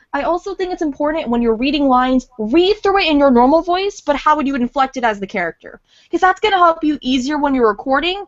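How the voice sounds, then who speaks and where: A woman voice actor chatting on a podcast, excitable and rambling, repeating words for emphasis. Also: sits high, no echo, dull audio. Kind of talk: casual podcast chat.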